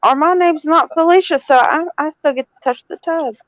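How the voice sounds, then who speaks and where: A woman's voice: sits high, fairly quick, no room sound, highs cut off. A woman with a Southern US accent hosting a casual live spiritual chat, teasing and laughing as she talks. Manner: teasing, sassy, laughs often. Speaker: spiritual reader and live stream host.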